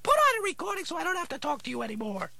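Squeaky, gravelly, cranky dummy therapist. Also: male voice, huge pitch swings, racing, sharp tone, dry recording, full character voice. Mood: irritated. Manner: gruff, impatient and sarcastic. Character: cranky male dummy posing as vegetable therapist. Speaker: ventriloquist's dummy. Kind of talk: ventriloquist comedy routine.

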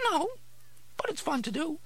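A man voicing a cranky male dummy who plays a vegetable therapist, gruff, impatient and sarcastic. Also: very high voice, very animated, normal speed, fairly bright tone, no room sound, voice pushed up, heavily acted. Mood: snappish. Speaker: ventriloquist's dummy. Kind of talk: ventriloquist comedy routine.

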